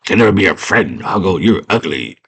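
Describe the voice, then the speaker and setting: Guy doing a mean mocking goblin king, deep voice, basically his own. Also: sing-song, brisk, vocal fry, fairly bright tone, husky, heavily acted. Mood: taunting. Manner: taunting, scornful.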